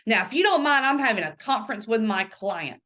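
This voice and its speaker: Woman reading as a sarcastic, grumbling male public defender, lively pitch. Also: fairly quick.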